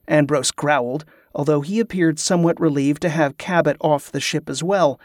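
An audiobook narrator, a man with a fairly high voice, reads a novel aloud in an even, measured way. It's scripted narration with studio quality and no room sound.

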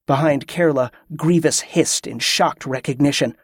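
A man narrating a fantasy audiobook in a steady, even reading. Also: a little high, measured pace, no room sound, clean studio sound.

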